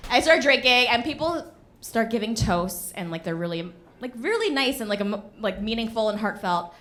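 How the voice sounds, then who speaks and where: Bright, animated young woman storyteller. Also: a little high, normal speed. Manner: animated, laughing, punchy. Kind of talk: live comedic storytelling. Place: stage of a live venue before an audience.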